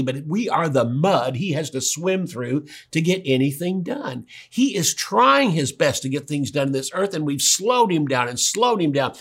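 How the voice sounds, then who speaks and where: Animated male preacher. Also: on the high side. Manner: animated, acts out quoted dialogue. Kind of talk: sermon.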